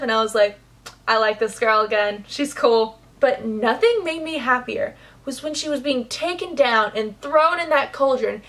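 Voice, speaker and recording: A woman reviewing a book in a casual vlog, gushing and excitable, with plenty of "like" fillers. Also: on the high side. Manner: gushing, excitable, says "like" a lot.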